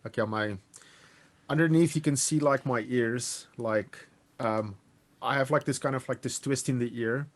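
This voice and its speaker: A South African man plays a tabletop game, his voice in the middle of the range. He describes his character's moves haltingly, with many fillers. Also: medium pitch. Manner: loose, hesitant, many fillers like "like". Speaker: player.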